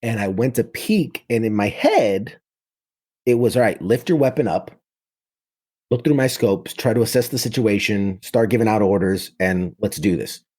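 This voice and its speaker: A man's voice: on the low side, expressive, normal speed, a little mellow, husky. A man in his thirties from New York City, a military veteran telling his story in casual talk, full of vivid detail and frequent restarts.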